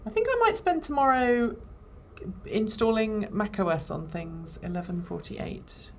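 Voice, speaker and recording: A woman's voice: medium pitch, sing-song, measured pace, a little hiss or hum. A woman hosting a live stream, chatting casually and thinking aloud while she edits video. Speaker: video editor and show host. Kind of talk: casual livestream chat while editing.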